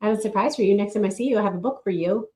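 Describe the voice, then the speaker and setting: A middle-aged woman co-hosting a casual chat podcast, talking in a measured, matter-of-fact way. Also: mid-range voice, dark tone. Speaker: podcast co-host and novelist.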